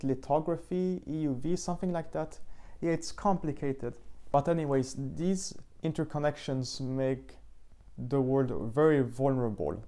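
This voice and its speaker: Mellow-voiced man reviewing books. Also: on the high side. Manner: thoughtful, slightly halting, searching for words. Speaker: book channel host. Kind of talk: casual book review monologue.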